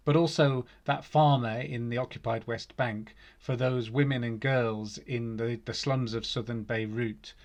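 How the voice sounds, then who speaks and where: A man delivering an earnest sermon on behalf of a charity, reading scripture in a measured way. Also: medium pitch. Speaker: charity representative giving a sermon.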